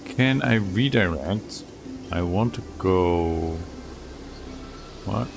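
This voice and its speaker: A man's voice: low-pitched, expressive, extremely slow, vocal fry, over music. A man playing a strategy game, reading event text aloud with a storyteller's lilt and muttering asides between events. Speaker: let's play streamer.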